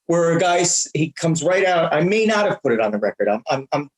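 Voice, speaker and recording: A man around sixty, a comedian guest telling animated stories and stumbling over repeated words. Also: on the high side, a little fast. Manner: excitable, repeats and restarts words often. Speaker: guest, prank-call comedian and voice actor. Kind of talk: animated anecdotal storytelling. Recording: roomy echo.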